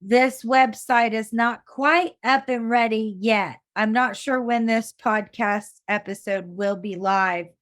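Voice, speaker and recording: A woman hosting a podcast interview, warm-hearted and chatty, often restarting her sentences. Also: a little high, takes it slowly, few pauses, no echo, clean studio sound. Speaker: podcast host.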